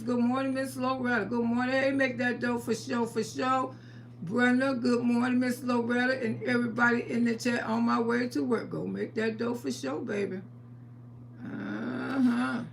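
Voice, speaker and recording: Older woman as a live-stream host: bright, gravelly, unhurried, quick to laugh. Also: on the high side, slight background noise. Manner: chatty and playful, laughs often, calls viewers sugar and baby. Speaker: livestream host. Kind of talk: casual live-stream chat, greeting viewers.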